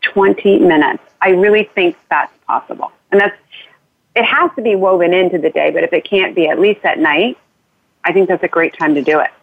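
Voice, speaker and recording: A woman's voice: fairly low pitch, brisk, gravelly, no room sound. A woman, an author being interviewed, talking in an earnest, rambling way with restarts and light laughs. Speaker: author guest. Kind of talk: casual interview talk. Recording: tinny phone line.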